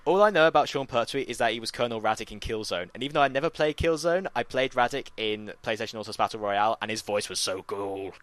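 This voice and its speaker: A man co-hosting a casual pop culture chat, chatty and quick to mock with little put-on voices. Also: medium pitch, a bit bright, smooth, no echo. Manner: chatty, slips into mocking voices for quotes. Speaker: podcast co-host.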